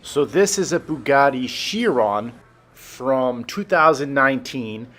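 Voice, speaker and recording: A man's voice: medium pitch, expressive, slow pace, fairly bright tone. A man giving an enthusiastic, chatty walkthrough of a car dealership showroom. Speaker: car vlogger. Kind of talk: casual walkthrough narration.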